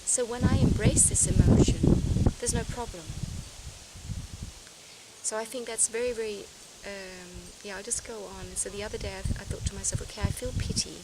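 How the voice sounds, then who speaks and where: A woman's voice: mid-range voice, steady tone, normal speed. Woman, reflective vlog talk, earnest, self-searching, frequent restarts, outdoor noise behind. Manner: earnest, searching, restarts often, laughs softly. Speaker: vlogger. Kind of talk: reflective personal talk to camera.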